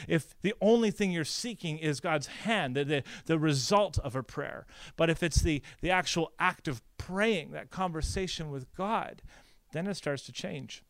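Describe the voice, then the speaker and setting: Animated, smooth-voiced male pastor. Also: on the high side, no room sound. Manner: animated storytelling, conversational; frequent "like" and "right?" fillers. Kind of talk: conference breakout talk.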